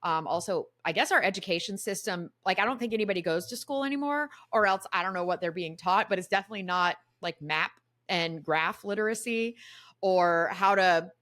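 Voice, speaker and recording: A woman from Florida co-hosting a casual podcast, telling stories in an animated, ranting way from her home desk. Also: mid-range voice, brisk. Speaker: podcast co-host. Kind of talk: casual chat. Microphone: video call setup.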